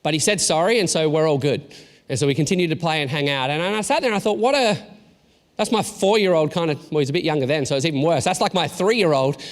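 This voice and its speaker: High-voiced man preaching in an echoing hall. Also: animated. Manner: casual storytelling, self-deprecating, halting restarts. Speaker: pastor. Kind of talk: sermon. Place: church hall. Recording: long reverb in a large room.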